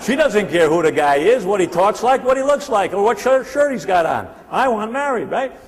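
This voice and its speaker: A man's voice: sits high, very animated, a little fast. A man in his sixties giving a live sales seminar in a punchy, repetitive style, teasing the audience. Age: 60s. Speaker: sales trainer and motivational speaker. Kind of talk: live motivational seminar talk. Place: large hall with a live audience. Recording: long hall reverb.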